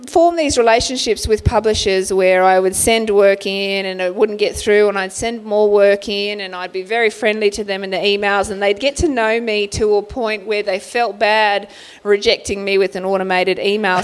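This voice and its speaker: A woman's voice: mid-range voice, fairly even intonation, normal speed, few pauses, clean tone. A woman, an author chatting on a panel, telling anecdotes with lots of laughter. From Australia. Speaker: author guest. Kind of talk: casual storytelling on a panel.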